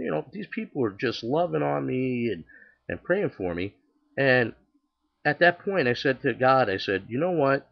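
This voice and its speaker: An older man casually shares his personal faith testimony, chatty and acting out the dialogue, with many restarts. His medium-pitched voice has vocal fry, and the recording is muffled.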